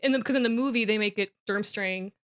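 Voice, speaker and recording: A young woman on a podcast, casually retelling a book plot with laughs and quick character voices. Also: medium pitch, fairly bright tone, clean tone. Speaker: podcast co-host.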